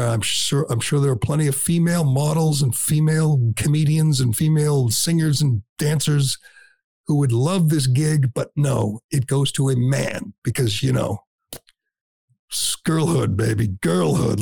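A man's voice: medium pitch, moderate pace, creaky, a little mellow, dry recording. A man hosting a talk radio show, delivering blunt, sarcastic, combative commentary.

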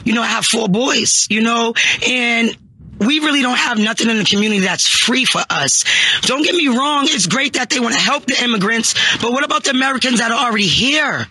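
A woman's voice: fairly high pitch, expressive, brisk, sharp tone, slightly rough. A mother being interviewed, speaking in an upset and impassioned way and raising her voice.

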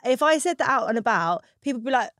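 A woman's voice: a little high, lively intonation, fast, fairly bright tone, dry recording, studio quality. A woman with an Essex accent hosting a podcast, playful and teasing. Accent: Essex English. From England. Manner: playful, teasing, laughs often. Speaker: podcast host. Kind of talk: casual chat.

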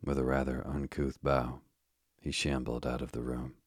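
A man reading a first-person story aloud in a measured, steady way. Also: rumbling low, slightly rough, dry recording, studio quality. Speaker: audiobook narrator. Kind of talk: scripted first-person narration.

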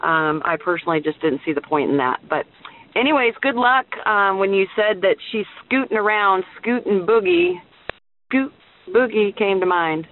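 A man's voice: high voice, expressive, moderate pace. A man leaving a rambling voicemail with parenting advice for a show, over a phone line. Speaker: caller. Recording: tinny phone line with hiss.

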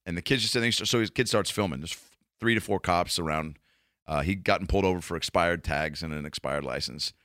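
A man's voice: low voice, a little fast, sharp tone, no room sound, clean studio sound. A man, a comedian, rambling through a profane, casual monologue full of restarts.

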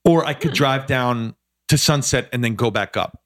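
A middle-aged man, a podcast guest, telling a story in a casual chat, animated and self-deprecating. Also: medium pitch, normal speed.

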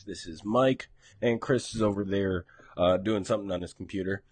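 Husky-voiced man teasing his co-host. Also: low-pitched, moderate pace, no room sound. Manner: joking, teasing banter. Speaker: podcast co-host. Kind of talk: casual chat.

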